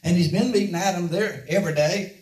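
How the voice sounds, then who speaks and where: A man's voice: high voice, fairly quick, a little mellow. A man preaching a sermon in a folksy way, quizzing his congregation with rhetorical questions. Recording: echoey room from a distant mic.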